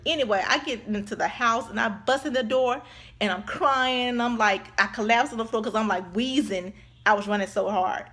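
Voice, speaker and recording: Speaking on the high side at a moderate pace, a vlogger tells a lively, casual story. She keeps addressing her viewers as y'all and does the voices of the people involved.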